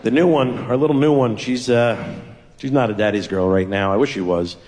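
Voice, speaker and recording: A man's voice: mid-range voice, a little fast, darkish tone, in a large hall. A man doing a self-deprecating stand-up routine, telling family stories and acting out the dialogue. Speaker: stand-up comedian.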